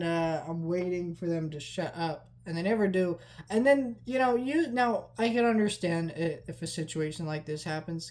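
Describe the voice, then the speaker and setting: A woman's voice: lowish voice, darkish tone. Casual, profane woman vlogger. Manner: rambling, profane, frequent fillers. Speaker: movie vlogger. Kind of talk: casual storytelling vlog.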